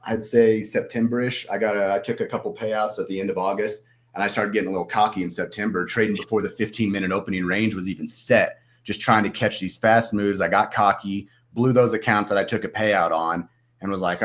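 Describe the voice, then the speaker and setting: Low-voiced man, rambling. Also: fairly even intonation, a little fast, fairly bright tone. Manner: rambling, acts out his own inner voice. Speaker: podcast guest, trader. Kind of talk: casual podcast chat.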